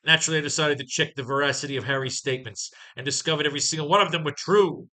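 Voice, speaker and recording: Man reading as a hate-filled goblin villain; gloating, forceful, bright tone. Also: on the high side, rapid-fire. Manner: gloating, theatrical menace. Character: hateful male villain in goblin costume, grandiose.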